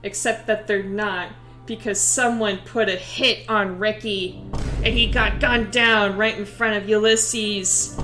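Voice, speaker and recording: A young woman streamer tells a story in a slow, drawn-out way, animated and profane. Her voice rings in a roomy space, with faint music playing behind her. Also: mid-range voice. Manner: animated, profane, laughing retelling. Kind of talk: casual retelling of game lore.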